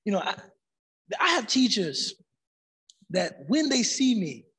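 A man with a high, slightly husky voice talks as a podcast guest. He is relaxed and conversational, drops in Arabic phrases, and often affirms what the host says. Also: slow pace.

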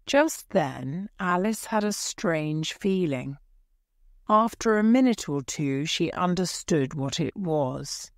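A woman teacher reading a graded story aloud for English learners, clear and careful. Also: low-pitched, takes it slowly, dry recording, studio quality. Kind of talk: slow scripted story narration for learners.

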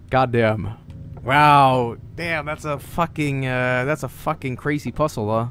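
A man streaming a horror game, reacting with excitable, profane commentary and frequent laughter. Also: medium pitch, slow pace, a little hiss or hum.

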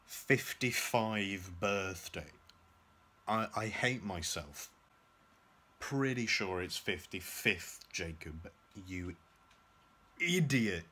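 A man's voice: low-pitched, takes it slowly, pushed and bright, breathy edge. Rambling self-mocking young man. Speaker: vlogger. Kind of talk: casual vlog chat. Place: at home, indoors and out. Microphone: handheld camera at arm's length.

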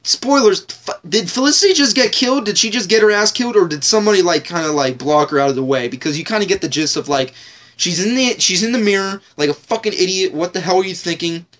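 A man's voice: high voice, fast talker, fairly bright tone. A man ranting casually in a TV episode review vlog, rambling, joking and swearing heavily.

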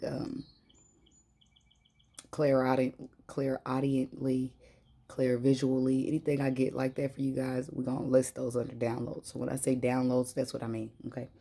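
Gravelly, mellow-voiced woman reading tarot. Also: rumbling low, level tone, moderate pace. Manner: chatty, laughs often, talks to viewers as "y'all". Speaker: tarot reader. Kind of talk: casual spiritual reading.

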